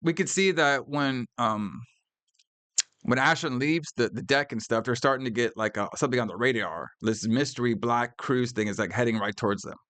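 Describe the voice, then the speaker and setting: A man on a podcast recapping a movie in loose, casual chat, peppered with swearing and bursts of laughter. His voice sits at an ordinary middle pitch and comes across close and dry, with no room sound. He slips into quick impressions of the characters as he goes. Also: a bit bright, no room sound. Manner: profane, laughing, acts out movie lines in quotes. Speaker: podcast co-host.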